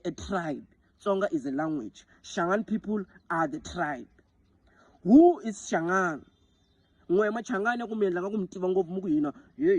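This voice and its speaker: Husky-voiced South African man ranting. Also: high voice, a little mellow, dry recording, poor audio. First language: Xitsonga. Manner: impassioned, repeating himself and asking "do you understand?". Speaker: social media commentator. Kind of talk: heated monologue to camera.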